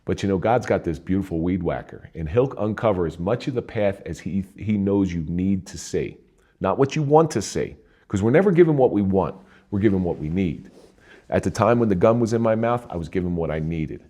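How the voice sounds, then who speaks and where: A middle-aged man with a low, dark, mellow voice shares his story as a guest in earnest, conversational talk. He often restarts his sentences and lifts sharply in pitch when a point excites him. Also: brisk. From New Jersey. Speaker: interview guest, retired police officer. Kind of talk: candid personal storytelling.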